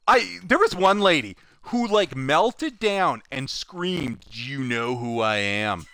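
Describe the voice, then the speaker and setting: A man tells a rambling work story in a casual live chat, his high voice leaping all over the place as he acts out each person. His tone is bright and edgy. The sound is dry and close, with no room around it. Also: dry recording. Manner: animated, swings loud and soft, acts out quoted people. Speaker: streamer telling a story.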